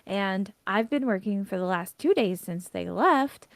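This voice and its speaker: A woman voicing a fussy, excitable female gnome inventor who rambles and gets huffy. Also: medium pitch, a little slow, no echo. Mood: exasperated.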